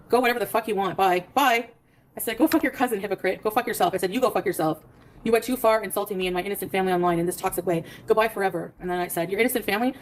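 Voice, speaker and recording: A woman on a casual livestream, rapidly recounting a quarrel by reading out her text messages. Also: medium pitch, poor audio.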